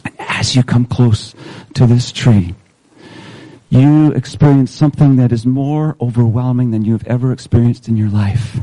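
A man's voice: mid-range voice, moderate pace, mellow, dry recording, low-quality recording. A man, a pastor, preaching a sermon in a church service, leading listeners through a story in the second person, earnest and repeating words as he restarts.

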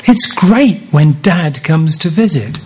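A man preaching a sermon from an open Bible, speaking deliberately and repeating key phrases for emphasis. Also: a little high, lively intonation, a little mellow, a little hiss or hum, low-quality recording.

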